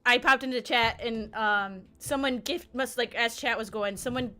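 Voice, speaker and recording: Bright-voiced laughing woman streamer. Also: on the high side, moderate pace. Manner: animated storyteller, laughs often. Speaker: streamer host. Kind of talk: casual chat on a livestream.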